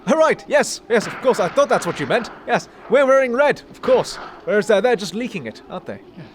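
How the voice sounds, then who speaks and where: A man's voice: high voice, big pitch swings, fairly quick, a little hiss or hum. A man playing a pompous posh British officer. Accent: upper-class English. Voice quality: pompous, blustering, clipped. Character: pompous upper-class British army officer, man, middle-aged. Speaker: comedy sketch actor. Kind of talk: comedy sketch acting.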